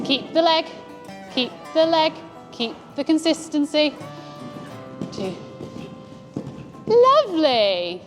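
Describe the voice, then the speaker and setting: A woman giving calm, encouraging instructions as a riding coach. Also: high-pitched, slow pace, long pauses, over music. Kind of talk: coaching a rider. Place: outdoor riding arena.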